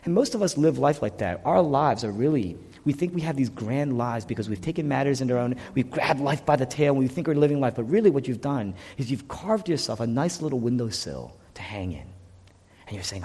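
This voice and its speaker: A male pastor delivering a sermon with a slightly husky, breathy voice. His delivery surges to loud urgency and then falls to hushed near-whispers. The sound carries a long reverb from the worship hall. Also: medium pitch, lively intonation, moderate pace.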